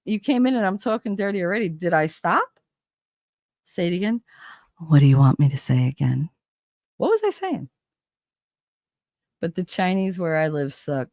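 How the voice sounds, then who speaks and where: A woman's voice: fairly low pitch, moderate pace, a little mellow, dry recording, studio quality. A middle-aged woman, chatting casually with viewers and telling stories with swearing and laughs. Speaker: livestream host.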